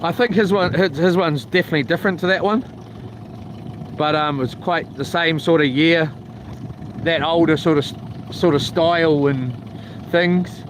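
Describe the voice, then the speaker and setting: A man's voice: on the high side, normal speed, pauses often, background noise. Rambling New man, lakeside. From New Zealand. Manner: rambling, colloquial, mimics others loudly. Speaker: vlogger. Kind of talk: casual storytelling. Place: outdoors by a lake.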